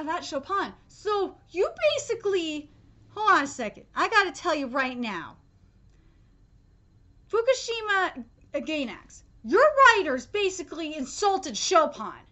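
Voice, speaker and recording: An anime reaction streamer rants live, exasperated and emphatic, swearing freely. Her high, bright voice jumps all over the place, and she restarts sentences and fills gaps with ums and uhs.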